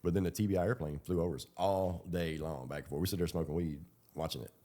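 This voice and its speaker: A man's voice: sits low, fairly even intonation, quick pace, dark tone. A man telling his own story in a loose, rambling, colloquial way. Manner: rambling, colloquial, with fillers and laughs. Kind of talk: casual storytelling.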